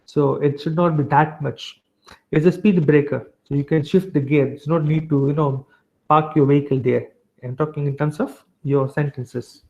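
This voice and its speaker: A man's voice: a little high, steady tone, normal speed, a little mellow. A man giving a revision lecture to a class, chatty and full of tag questions and fillers. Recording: dull lo-fi sound.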